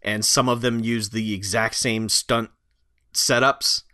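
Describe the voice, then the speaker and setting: A man in a casual movie chat, animated and profane, mocking scenes with exaggerated impressions. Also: fairly low pitch, takes it slowly, clean tone, no room sound, clean studio sound.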